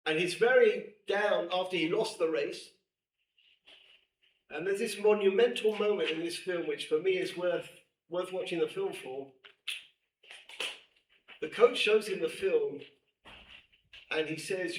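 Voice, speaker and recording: A man teaching a class, animated and emphatic, repeating key phrases and reading Hebrew texts quickly. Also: fairly high pitch. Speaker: teacher at a women's seminary. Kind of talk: lecture to a class. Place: room with a class present. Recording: echoey room, distant mic, faint hiss.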